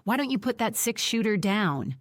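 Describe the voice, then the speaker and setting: A woman playing a steady, unhurried man who speaks with quiet calm to settle a tense room. The voice stays low-key and even, in a dry, close audiobook read. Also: no room sound. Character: very calm older man defusing a standoff.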